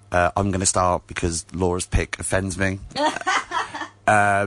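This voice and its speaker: Male guest, very low voice, dry close sound, deadpan humor. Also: dry recording. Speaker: guest contributor. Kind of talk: casual chat.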